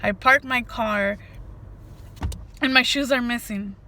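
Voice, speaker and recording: A woman's voice: on the high side, slow pace, a little hiss or hum. A woman vlogger telling a story to her viewers in a casual, emphatic way, often saying "freaking" and speaking to them directly. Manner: animated, emphatic, says "freaking" a lot.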